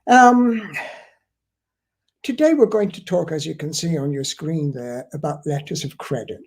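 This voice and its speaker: Slow, husky-voiced man teaching. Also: a little high, lively intonation, a little mellow. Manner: deliberate, repeats key points for emphasis. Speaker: international trade trainer. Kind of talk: explanatory lesson to camera.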